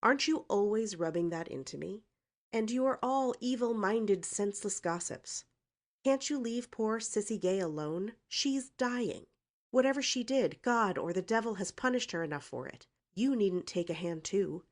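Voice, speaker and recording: Storybook role: a defiant young woman with a sharp tongue, read by a woman narrator. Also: mid-range voice, expressive, normal speed, voice pushed up, natural voice. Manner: brazen, cutting retorts.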